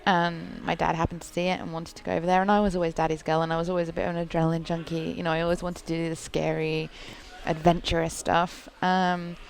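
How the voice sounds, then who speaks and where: Gravelly-voiced Englishwoman telling stories. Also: lowish voice, flat delivery, fast, few pauses. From England. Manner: chatty storytelling, laughs often. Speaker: racing driver guest. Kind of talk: casual dinner chat. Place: restaurant dinner table.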